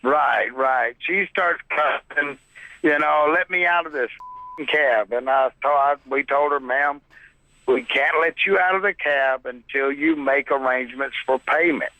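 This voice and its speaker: A man who drives a taxi tells what happened in plain, folksy words. His voice is gravelly and bright, with a fairly high pitch. The sound is dry and close. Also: a little slow, no echo, low-quality recording. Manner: plain-spoken, folksy storytelling. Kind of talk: recounting events in an interview.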